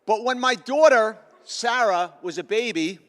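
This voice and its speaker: High-voiced, sarcastic middle-aged man. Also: a little slow, fairly bright tone. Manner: sarcastic, joking with the audience. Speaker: school assembly speaker. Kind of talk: humorous motivational talk. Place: large school auditorium. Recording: echoey auditorium.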